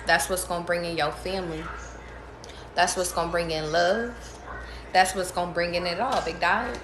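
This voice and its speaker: A woman's voice: fairly low pitch, fairly even intonation, normal speed, echoey room, noisy background. A woman giving casual tarot readings to her viewers, talking emphatically with lots of profanity, repeating and restarting her phrases. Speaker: tarot reader.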